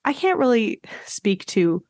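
A woman's voice: a little high, very animated, unhurried, darkish tone, dry recording, studio quality. A woman hosting her podcast, talking in a chatty, playful way with sarcastic asides. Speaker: podcast host. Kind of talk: casual podcast monologue.

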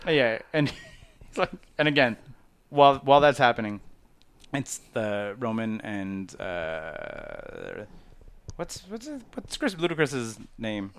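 Man, casual chat, animated, laughs a lot, acts out movie lines, middle pitch. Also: slow pace, clean tone.

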